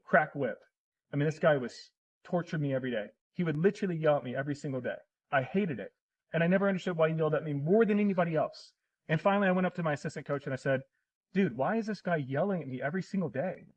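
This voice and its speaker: A man's voice: fairly high pitch, breathy edge, low-quality recording. A middle-aged man in casual conversation as a podcast guest, telling personal stories in an earnest, emotional way.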